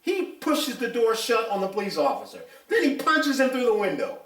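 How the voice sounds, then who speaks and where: Older man, retired police officer, interview, blunt and emphatic, lively pitch, echoey room. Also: normal speed. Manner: blunt, animated, emphatic storytelling. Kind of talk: casual interview talk. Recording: echoey room, mic at a distance.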